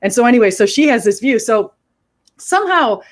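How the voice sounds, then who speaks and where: A woman's voice: fairly high pitch, fairly quick. Chatty woman telling a story. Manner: animated storytelling, quoting others. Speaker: host. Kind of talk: casual chat.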